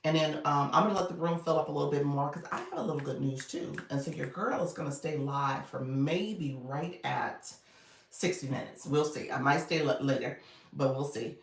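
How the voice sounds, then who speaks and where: Her voice sits low, with vocal fry, at an ordinary speed. Streaming as a coach, the woman casually welcomes viewers, reads comments, laughs often and keeps calling people "friend," sounding encouraging in an echoey space, slightly away from the mic.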